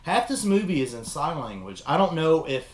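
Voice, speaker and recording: A man's voice: on the high side, moderate pace, echoey room. A young man casually chatting as a film review host, rambling and swearing as he retells scenes. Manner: rambling, profane, animated retelling. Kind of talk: casual chat.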